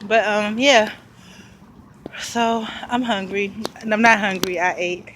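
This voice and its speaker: A woman vlogs on a city street with traffic, filming on a handheld camera as she walks, out of breath and thinking aloud with frequent small laughs. Her medium-pitched voice is fairly bright, slow, and fairly even in intonation. Street noise and passing traffic fill the background.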